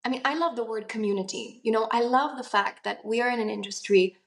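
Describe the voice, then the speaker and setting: Young italian-born actress chatting loosely, ums and likes everywhere. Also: female voice, a little high, quick pace, gravelly. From Italy. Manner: chatty, many fillers and laughs. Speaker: actress, guest. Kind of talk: casual interview talk.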